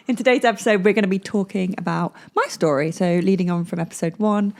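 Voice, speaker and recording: A talkative woman co-hosting a podcast, keeping things light. Her voice sits at an ordinary middle pitch. She laughs easily and keeps firing off puzzled questions. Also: a little fast, a little hiss or hum. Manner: chatty, laughs often, quizzical. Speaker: podcast co-host. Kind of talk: casual chat.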